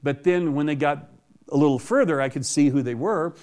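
Middle-aged man, somewhat high-pitched pastor, relaxed folksy sermon delivery with frequent laughs. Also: a little fast. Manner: folksy, laughs often, tells stories with animation. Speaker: preacher. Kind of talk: conversational sermon.

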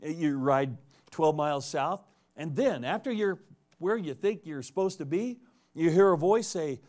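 A man preaching a conversational expository sermon, animated and joking as he reads and retells the text. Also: a little high, unhurried.

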